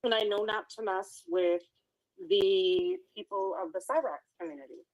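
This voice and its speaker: A woman talking casually on a livestream, animated and defensive, swearing freely. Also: mid-range voice, normal speed, low-quality recording. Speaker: livestream guest.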